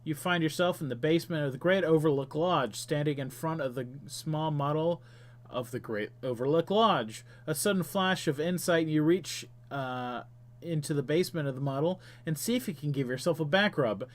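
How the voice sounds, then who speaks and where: A man's voice: a little high, moderate pace. A man hosting a game stream, chatting casually and reading the game's text aloud while muttering to himself as he plays.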